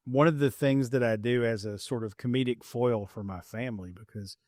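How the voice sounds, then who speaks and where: A man's voice: medium pitch, normal speed, darkish tone, dry recording. Man, middle-aged, light Kentucky twang, podcast host, rambling, self-deprecating, dry sound. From Appalachian Kentucky. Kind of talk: casual podcast chat.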